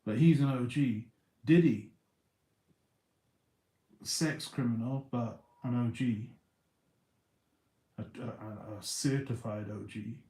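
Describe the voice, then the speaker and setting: A man chats loosely to his livestream audience, circling back and repeating himself as he tells a story. His voice sits at a middling pitch. It bounces around a roomy, echoing space. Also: takes it slowly, long pauses, warm tone. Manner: rambling, stumbling restarts and repeated words.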